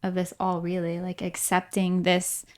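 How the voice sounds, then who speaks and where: A woman's voice: fairly low pitch, monotone, normal speed, a little mellow. A woman co-hosting a faith podcast, speaking candidly and laughing at herself while acting out what she said. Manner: candid, self-deprecating, acts out her own quoted lines. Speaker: podcast co-host. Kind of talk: casual faith discussion.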